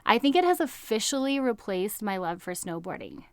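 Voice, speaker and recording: An American woman in her thirties talks casually about healthy eating, with a middle-range voice and a bright, chatty, upbeat manner. She peppers her sentences with "like" and laughs easily. The recording is close and dry, with no room sound. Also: medium pitch, sing-song, moderate pace, clean tone, no room sound. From United States. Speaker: health coach. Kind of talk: casual podcast monologue.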